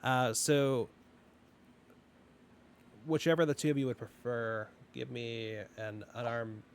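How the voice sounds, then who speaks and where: A man running a tabletop game as game master, explaining rules in a rambling way with lots of fillers and sudden fast bursts. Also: mid-range voice, fairly even intonation, smooth.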